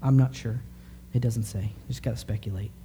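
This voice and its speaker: A man in his thirties preaching a sermon in an animated, conversational way, full of rhetorical questions. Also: medium pitch, fairly quick, a little hiss or hum. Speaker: pastor.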